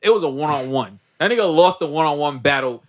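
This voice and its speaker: A man's voice: a little high, animated, fast talker. A young man casually recapping a movie on a podcast, acting out the characters and laughing as he goes. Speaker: podcast host.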